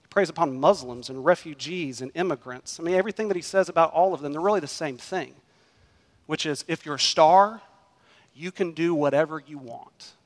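A man delivers a sermon from the pulpit in a slightly raised voice. He preaches emphatically, pushing some phrases loud and letting others fall quiet. His voice rings with the long reverb of a large hall. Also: a little high, fairly quick. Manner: emphatic preaching, rising and dropping in volume. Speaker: pastor.

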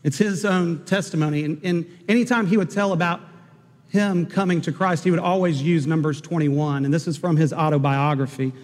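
A man's voice: fairly high pitch, brisk, darkish tone, in a large hall. A man preaching a sermon as pastor, earnest and rising to fervent proclamation.

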